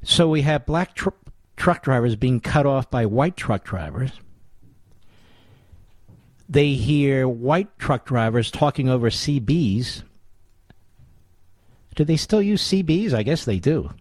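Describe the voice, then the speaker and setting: A man's voice: mid-range voice, animated, slow, pauses often, a little mellow, no echo. A man hosting a talk radio show, delivering a sarcastic, combative monologue full of scornful rhetorical questions and asides to his producer. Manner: addresses his producer on air.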